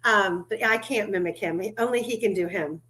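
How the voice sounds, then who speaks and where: A woman's voice: medium pitch, fairly quick, a bit bright. Chatty woman hosting a livestream. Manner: chatty, laughs often, swears casually. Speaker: livestream host. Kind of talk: casual chat.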